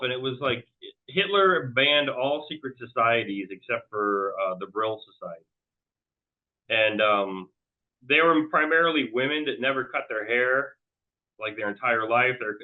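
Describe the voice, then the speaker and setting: A man telling a long personal story as an interview guest, rambling loosely and restarting his sentences often. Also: mid-range voice. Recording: tinny phone-like line.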